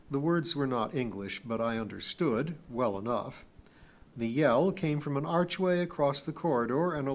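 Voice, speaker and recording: Man narrating an audiobook. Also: medium pitch. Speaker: audiobook reader. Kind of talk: scripted narration.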